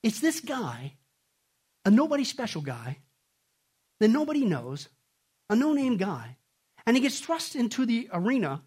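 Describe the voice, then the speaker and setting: A man preaching a sermon, animated, swinging between loud bursts and quiet stretches. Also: very high voice, fairly quick, slightly rough. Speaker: pastor.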